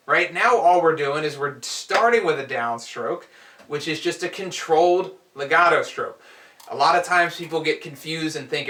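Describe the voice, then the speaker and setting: Drum teacher in an echoey room. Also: male voice, on the high side, normal speed, background noise. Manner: relaxed, counts aloud and demonstrates strokes. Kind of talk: instructional explanation. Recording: echoey room, heard from a distance.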